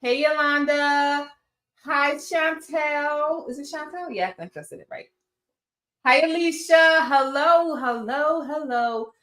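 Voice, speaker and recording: A woman's voice: sits high, a little slow, fairly bright tone, echoey room. A woman hosting a casual livestream, greeting viewers by name and chatting loosely, sometimes swearing. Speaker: livestream host. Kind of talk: casual live chat.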